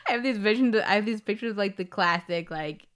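Bright, giggly woman co-host. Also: mid-range voice, quick pace. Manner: rambling, giggly storytelling. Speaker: podcast co-host. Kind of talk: casual chat.

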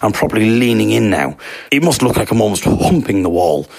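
Low-voiced man telling a comic story. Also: big pitch swings, a little fast, gravelly, no echo. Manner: rambling, self-deprecating storytelling with vocal sound effects. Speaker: podcast host. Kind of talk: comic anecdote.

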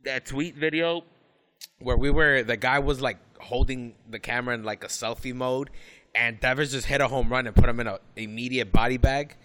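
A man talking sports casually, blunt and profane like a heated fan. His voice has a bright, forceful edge at a middling pitch. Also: fairly even intonation, normal speed.

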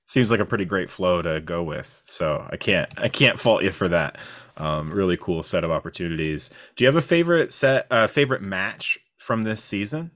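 A man's voice: sits low, animated, moderate pace, fairly bright tone. A man co-hosting a fan podcast, asking playful questions with rambling asides. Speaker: podcast co-host. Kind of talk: casual interview chat.

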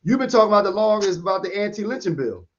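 A man in a casual debate who talks in a measured way and hedges a lot with "you know". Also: sits high, lively intonation. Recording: dull lo-fi sound.

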